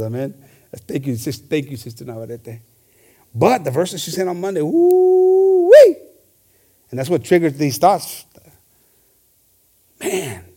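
Male pastor, bilingual sermon, slightly high voice, very lively delivery with shouted peaks. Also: vocal fry, breathy edge. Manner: animated, shifts between Spanish and English, shouts for emphasis.

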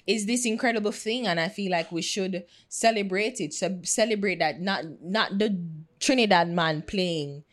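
A Jamaican woman co-hosting a podcast, chatting casually and telling animated stories, slipping into patois. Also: medium pitch, moderate pace, few pauses. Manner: animated storyteller, slips into patois for quotes. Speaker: podcast co-host.

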